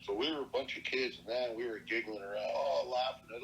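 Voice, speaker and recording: An older man from Montana recounts memories in a plainspoken, earnest way. His voice is bright and forceful, at a middle pitch, with a faint hiss of noise behind it. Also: fast talker, rough recording. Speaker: elder storyteller. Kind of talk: personal oral-history storytelling.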